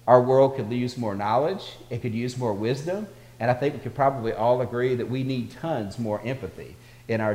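A man's voice: fairly low pitch, a little mellow. A man delivering a sermon, telling stories and building his voice up as he goes. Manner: storytelling preacher, builds in volume for anecdotes. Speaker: pastor. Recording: echoey hall.

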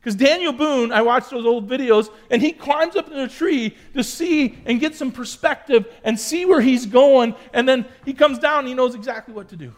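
High-voiced man telling a youth sermon story. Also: moderate pace, hardly any pauses. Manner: storytelling, chatty with asides to the audience. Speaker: youth pastor.

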